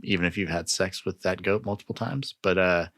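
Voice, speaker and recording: Deep, bright-toned deadpan joking man. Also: fairly quick, dry recording, studio quality. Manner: deadpan absurd jokes. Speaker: podcast co-host. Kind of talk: casual comedic banter.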